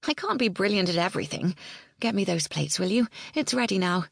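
Casting: woman reads a self-assured young Englishwoman, sassy and quick, dry sound. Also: mid-range voice, sing-song, gravelly, no room sound, pitched above the performer's own voice. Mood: playful. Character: young English woman, a confident literary agent.

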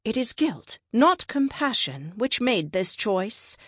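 A woman voicing a calm, cryptic ancient cosmic being in a science fiction story, speaking in terse, measured pronouncements. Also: a little high, breathy edge, no room sound, clean studio sound, pitched above the performer's own voice, full character voice. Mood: explaining. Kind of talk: audiobook character reading.

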